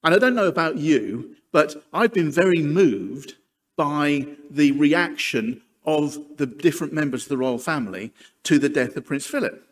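Male preacher, lively and slightly high, casual asides, hall echo. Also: normal speed. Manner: chatty, self-deprecating asides. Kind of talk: sermon. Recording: long hall reverb.

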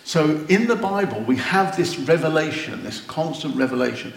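A man preaching a sermon, slow and earnest, rising to wondering exclamations. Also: fairly high pitch, animated, vocal fry. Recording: roomy echo.

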